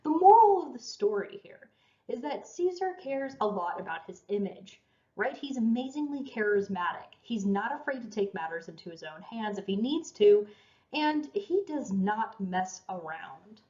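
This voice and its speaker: A woman's voice: mid-range voice, sing-song, normal speed, mellow. Woman lecturer, chatty and self-deprecating, roomy echo, dull lo-fi recording. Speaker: college history lecturer.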